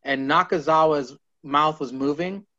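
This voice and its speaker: A man co-hosting a casual wrestling podcast, retelling scenes in an animated way and swearing freely. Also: a little high, a little slow. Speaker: podcast co-host. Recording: lo-fi podcast audio.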